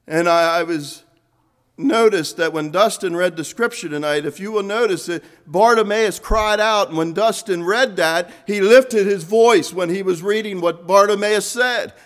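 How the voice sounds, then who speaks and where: Man preaching, high voice, earnest, fervent swells, soft drops. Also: moderate pace. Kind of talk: sermon.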